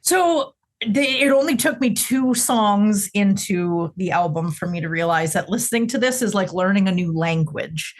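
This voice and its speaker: A young woman co-hosting a music podcast, talking in a chatty, expressive way. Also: medium pitch, normal speed. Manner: chatty and expressive, with frequent fillers. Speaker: podcast co-host. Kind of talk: casual chat.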